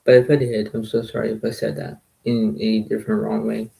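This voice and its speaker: Brief: soft-spoken man, low, dark gravelly voice, rambling casual vlog talk. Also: little pitch movement, brisk, poor audio. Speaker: poker video creator. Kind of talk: casual rambling recap to viewers.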